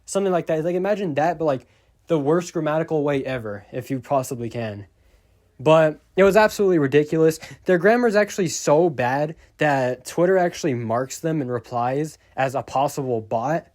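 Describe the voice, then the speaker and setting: A man's voice: a little high, a little fast, darkish tone. A man telling a storytime to his viewers in a casual, rambling way, getting exasperated and swearing as he rants. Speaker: YouTuber.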